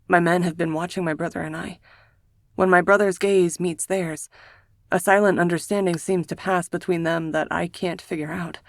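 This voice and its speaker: A woman reading a first-person romance novel aloud in a hushed, emotional manner, as a scripted audiobook narration. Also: lowish voice, fairly even intonation, normal speed, dry recording, studio quality.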